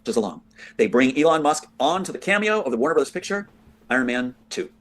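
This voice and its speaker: A man telling a long theory in quick conversational bursts, repeating short punchy phrases to drive each point home. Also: mid-range voice, sing-song, a bit bright. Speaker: guest explaining a theory. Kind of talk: rapid conversational storytelling.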